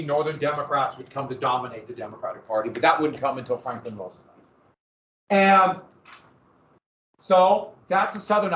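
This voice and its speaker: A fairly high, slightly bright male voice leads a history class, chatting through the material. He asks rhetorical questions and revises his own statements mid-thought, captured in a lo-fi, dull recording with a roomy classroom echo.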